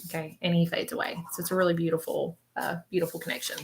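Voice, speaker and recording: A woman's voice: on the low side, little pitch movement, quick pace, vocal fry, noisy background. A woman giving a live-stream reading as a spiritual medium, describing visions in a rambling, hesitant way and often checking in with "okay?". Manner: rambling, checks in with listeners with frequent "okay?" tags; describes visions in present tense, hesitant and searching.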